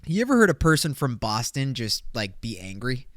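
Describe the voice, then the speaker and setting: A young man hosting a casual solo podcast. His joking, rambling talk jumps between loud bursts and mumbled asides. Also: mid-range voice, sing-song, moderate pace, no echo, clean studio sound. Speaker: podcast host.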